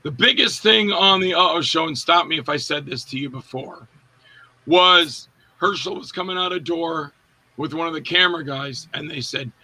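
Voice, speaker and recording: A man being interviewed as an actor, telling lively anecdotes and acting out the voices of the people in them, with a raspy voice. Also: a little high, moderate pace, poor audio. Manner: animated anecdote-telling, acts out quoted voices, laughs often. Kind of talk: casual storytelling interview.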